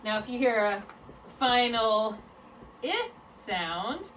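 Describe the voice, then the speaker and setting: A woman tutoring one-on-one in a phonics lesson, patient and encouraging, slowly spelling out letters and sounds. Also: on the high side, very animated, fairly bright tone. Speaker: reading tutor. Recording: distant mic with clear background hum.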